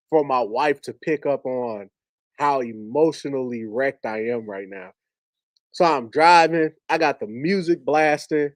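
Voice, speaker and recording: Emotional man telling a story, slightly high. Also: no echo. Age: adult with a wife and two young kids. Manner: emotional, repetitive, with many restarts. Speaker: speaker sharing a personal grief story. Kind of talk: heartfelt storytelling to an audience.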